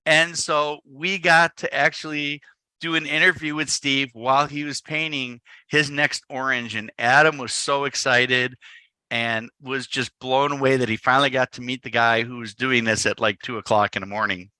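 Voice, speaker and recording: A man's voice: medium pitch, normal speed, clear, resonant tone, dry recording. A man from the Chicago area, a photographer giving a talk to a live audience, telling a story and acting out the dialogue. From Chicago area, United States. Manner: lively storyteller who acts out the dialogue. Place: indoor event space.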